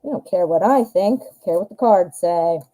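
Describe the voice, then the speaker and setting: A woman's voice: fairly low pitch, moderate pace, warm tone, poor audio. Chatty woman reading tarot live. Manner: chatty, thinks aloud, frequent fillers and self-corrections. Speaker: tarot reader hosting a live stream.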